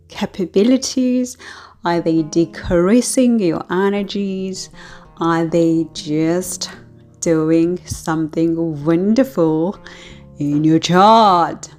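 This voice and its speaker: A woman astrologer chats to her viewers in an unhurried, drawn-out way, often laughing between thoughts. Her voice sits a little low, and faint music plays behind her. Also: darkish tone. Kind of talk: casual talk to camera.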